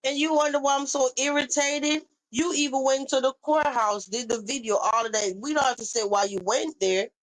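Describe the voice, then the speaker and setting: A woman's voice: high voice, fairly even intonation, normal speed, hardly any pauses, low-quality recording. A woman hosting a casual live-stream chat, asking questions and recalling earlier remarks. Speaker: commentary show host.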